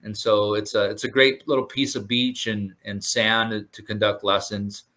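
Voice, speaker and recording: A Southern California surf instructor speaks earnestly and gratefully in a casual interview, with lots of fillers and restarts. His fairly low voice sounds pushed and bright, with little pitch movement and a moderate pace.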